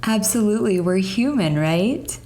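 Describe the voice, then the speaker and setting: A woman hosting a podcast, affirming her guest gently and asking follow-up questions. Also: mid-range voice, lively intonation, moderate pace. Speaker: podcast host. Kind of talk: casual conversational interview.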